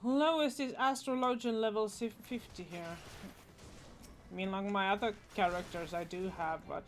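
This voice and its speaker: A woman's voice: mid-range voice, fairly even intonation, normal speed. A woman streaming a game, muttering and swearing casually at what is happening on screen. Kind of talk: casual gameplay commentary.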